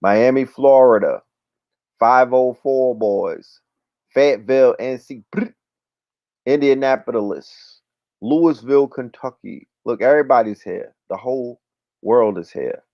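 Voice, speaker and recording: A man's voice: medium pitch, unhurried, dry recording. Slangy man hosting a dry lo-fi livestream. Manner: loose, slangy, repeats "you know what I'm talking about". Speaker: livestream show host. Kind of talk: casual livestream chat with viewer shout-outs. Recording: dry, dull lo-fi stream audio.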